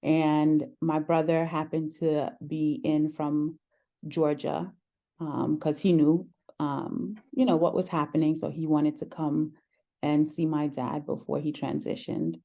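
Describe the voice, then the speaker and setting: A woman talking through a personal story in conversation, earnest and reflective, often pausing with "um". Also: deep voice, level tone, dark tone. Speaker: podcast host sharing her story as guest.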